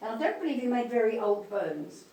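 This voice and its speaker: In a spiritualist church hall, a woman gives a live mediumship demonstration, tenderly calling people darling and sweetheart. Her voice is a little high, sing-song and brisk, with a warm tone. The hall is echoey, the mic is distant, and there's faint noise.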